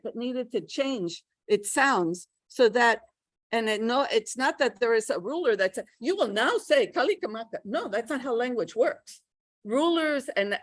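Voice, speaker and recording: An American woman giving a pronunciation workshop, teaching in a lively way and checking in with her listeners as she goes. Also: on the high side, no room sound. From United States. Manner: lively teacher, checks in with okay and all right. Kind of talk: lecturing to a class.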